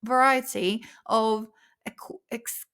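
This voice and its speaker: A woman's voice: a little high, fairly even intonation, slow pace, fairly bright tone, clean tone. A woman hosting a casual study-along vlog, playful and rambling, sounding out words over and over. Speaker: vlog host studying vocabulary.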